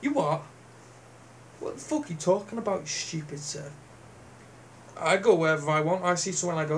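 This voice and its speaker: A man's voice: on the high side, a little fast, a little hiss or hum. A man ranting to camera in a sweary, sneering, mocking manner. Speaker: vlogger. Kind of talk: profane rant to camera.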